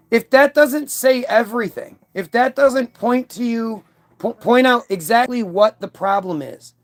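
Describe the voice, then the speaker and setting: A man delivering a combative, profane, rambling monologue to his stream audience, often restarting his sentences. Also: high voice. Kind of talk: ranting monologue.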